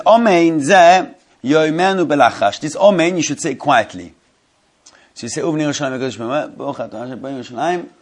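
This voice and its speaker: Male rabbi, slightly higher voice, leading a text class: mumbled readings, slow halting explanations, questions to the room. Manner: reads Hebrew text in a quick mumble, then explains it slowly in English; restarts and repeats phrases, asks the class questions. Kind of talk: Torah study class, explaining a legal text.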